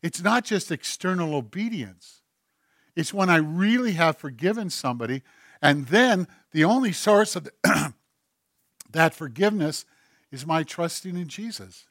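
A man in his pulpit preaching, his voice sitting a touch high for a man. He dips to near-whispers and swells back up to emphatic points. The sound is dry and close, with no room echo. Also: lively intonation, a little slow. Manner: swings between hushed and emphatic, acts out God's voice. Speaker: pastor. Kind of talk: sermon.

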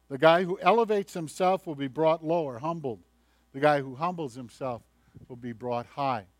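A man's voice: a little high, moderate pace, dry recording. Man preaching a conversational sermon. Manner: conversational, animated storytelling preacher who acts out voices. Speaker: pastor.

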